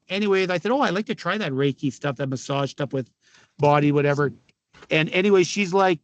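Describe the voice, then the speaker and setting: Guest, middle-aged Canadian man, storyteller, profane, slightly high voice, dry close mic. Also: no echo, muffled recording. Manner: animated, profane, quotes people in dialogue. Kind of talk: casual storytelling.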